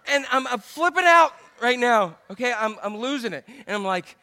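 A man preaching a sermon to his church, telling stories in an animated way and shifting between loud rants and quiet, earnest passages. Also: extremely high pitch, brisk, gravelly, few pauses. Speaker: pastor.

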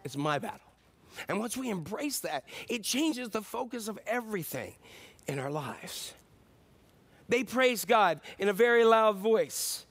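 High-voiced, animated male pastor preaching. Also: a little slow. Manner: animated, acts out shouts and voices for the congregation; jokes with the audience. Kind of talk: sermon.

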